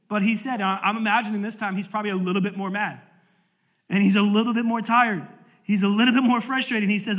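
A male pastor delivers an earnest, emphatic sermon to a church congregation. His voice sits high for a man and rings bright. He reads scripture and presses his points with conviction. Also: fairly even intonation, fast. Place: church service.

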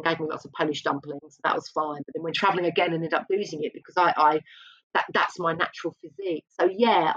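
Woman, interview guest, breathy voice, candid and reflective, dull lo-fi sound. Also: on the low side, fairly bright tone. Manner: open and reflective, often restarting sentences.

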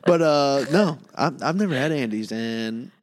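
A man's voice: medium pitch, animated, measured pace, big-room sound. A young man co-hosting a casual podcast, joking and teasing his partner. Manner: teasing, jokey. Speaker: podcast co-host. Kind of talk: casual chat.

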